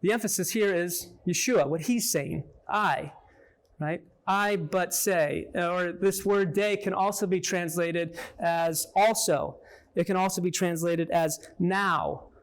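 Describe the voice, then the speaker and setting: A man with a rather high voice teaches the Bible to a small group, speaking a little slowly. He keeps the exchange conversational, often tagging his points with "right?" and checking in with questions for those listening.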